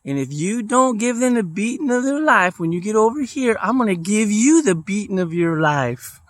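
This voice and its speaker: A man's voice: sits high, sing-song, normal speed, dry recording, pitched above the performer's own voice. Firm old Southern mother, read by a man, no-nonsense; dry, close sound. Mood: stern.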